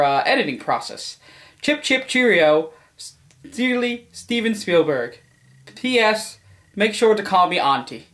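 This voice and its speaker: A man voicing a fussy English gentleman with a put-on English accent, plummy, affected and chirpy. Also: high voice, voice pushed up. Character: posh, fussy English gentleman letter-writer.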